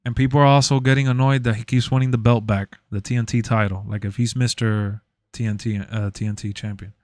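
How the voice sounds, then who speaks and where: A man's voice: mid-range voice, level tone, a little fast, dry recording. A young man streaming and chatting casually, rambling, repeating himself and laughing often. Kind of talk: casual chat.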